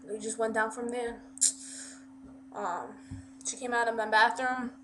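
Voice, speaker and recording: A woman's voice: a little high, fairly even intonation, moderate pace, pauses often, noisy background. A woman vlogger telling a story casually, rambling with plenty of fillers and restarts.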